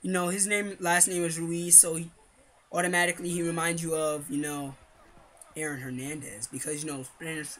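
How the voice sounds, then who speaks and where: A man's voice: on the high side, flat delivery, normal speed, a bit bright. A young man giving casual, rambling commentary over a football video game while chewing gum, hyping his team and griping about his kicker. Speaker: gaming commentator.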